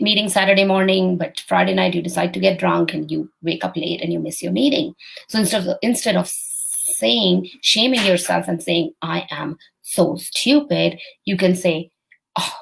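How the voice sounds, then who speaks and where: A woman's voice: lowish voice, creaky, breathy edge, low-quality recording. A woman hosting a motivational live stream, speaking directly and encouragingly to her viewers as a coach. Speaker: host and coach.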